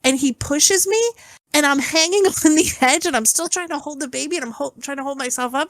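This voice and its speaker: A woman's voice: high-pitched, fairly quick, no echo. A woman co-hosting a casual movie review podcast, telling stories with lots of swearing and squealing outbursts. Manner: expressive storyteller, swears, squeals in retelling. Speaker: podcast co-host.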